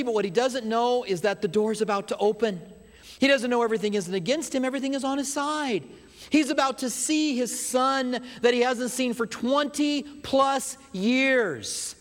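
High-voiced pastor preaching in a reverberant hall. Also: male voice, moderate pace. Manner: animated storyteller, drops to hushed emphasis. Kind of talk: sermon.

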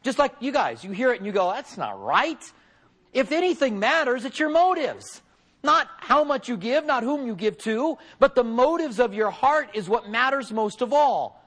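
A middle-aged pastor giving a conversational sermon, folksy, with joking asides to the congregation. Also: male voice, very high voice, lively intonation, moderate pace, a bit bright.

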